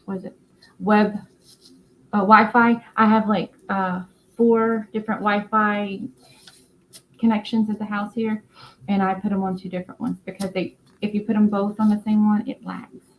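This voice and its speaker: A tired woman with a North Carolina Southern accent, hosting a casual craft live stream and rambling through her explanations with many fillers and halting words. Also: mid-range voice, level tone, a little hiss or hum, rough recording.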